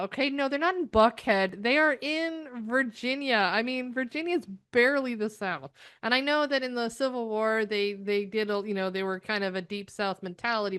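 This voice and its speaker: A woman's voice: on the high side, normal speed, fairly bright tone, clear, resonant tone, dry recording, studio quality. A middle-aged woman from the United States, ranting sarcastically through a TV episode review, exasperated and rambling.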